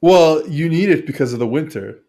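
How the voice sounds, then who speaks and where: A man from Montreal, Canada, appears as a guest on a casual podcast, rambling earnestly and filling his speech with lots of "like" and "you know." His voice is a little high and mellow, with lively intonation and a slightly fast pace.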